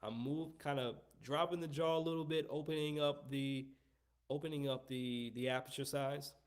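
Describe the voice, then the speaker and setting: A man's voice: a little high, fairly even intonation, normal speed, clear, resonant tone. A man teaching a live trumpet lesson, talking at length and often repeating and restarting his phrases as he coaches. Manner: long-winded, repeats himself, coaching tone. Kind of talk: live online music lesson.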